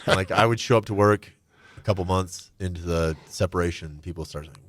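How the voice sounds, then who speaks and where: A middle-aged man telling his own story candidly and reflectively, his voice often trailing off soft and low. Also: fairly quick. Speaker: guest.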